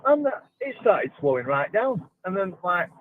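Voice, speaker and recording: A man's voice: high-pitched, big pitch swings, normal speed, phone-quality sound, a little hiss or hum. A man chatting casually as a guest on a livestream, telling stories and laughing along. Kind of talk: casual chat.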